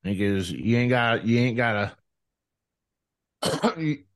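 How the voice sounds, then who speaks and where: A man in his thirties, a podcast guest telling his story in a rambling, profane, animated way, with many restarts. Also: low-pitched, no echo. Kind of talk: casual storytelling interview.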